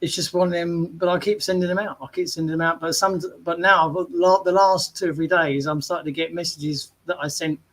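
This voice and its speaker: A man's voice: a little high, fairly even intonation, fairly quick, hardly any pauses, a bit bright, low-quality recording. A man co-hosting a live online show, chatting casually and retelling stories with lots of asides. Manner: chatty storyteller, retells scenes in quoted voices. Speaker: co-host of a live marketing show. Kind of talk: casual chat.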